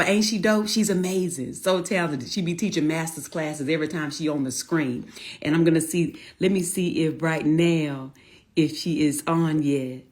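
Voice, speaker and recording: A woman in her forties hosting a casual livestream, greeting viewers one by one and calling them honey and y'all. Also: deep voice. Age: 40s. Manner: warm, chatty Southern-style greetings, calls viewers honey and y'all. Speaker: livestream host.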